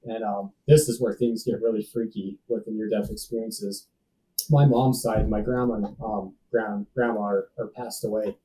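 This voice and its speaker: A man's voice: lowish voice, fairly even intonation, moderate pace, warm tone, distant mic, a little hiss or hum, low-quality recording. A man in his thirties telling a personal story as a podcast guest, casual and slangy, calling people dude and bro. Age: 30s. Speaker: podcast guest, safety professional.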